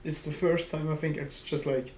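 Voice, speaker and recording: A man co-hosts a casual podcast and tells his story in a relaxed, halting way. His voice stays flat and even, and the room echoes noticeably. A faint noise hums behind him. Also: on the high side. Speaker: podcast co-host. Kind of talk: casual chat.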